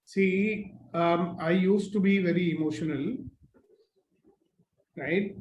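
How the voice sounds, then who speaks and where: A man's voice: sits high, slow, darkish tone, highs cut off. A man joining an online discussion to share a personal reflection in a self-assured way. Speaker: participant. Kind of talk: video call sharing. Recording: echoey room with faint noise.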